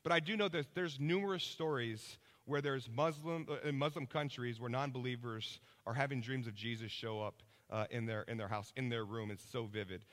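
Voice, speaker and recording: A man preaching a sermon, telling lively stories and checking in with his listeners. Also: mid-range voice, normal speed, few pauses, big-room sound. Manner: energetic storytelling, checks in with listeners.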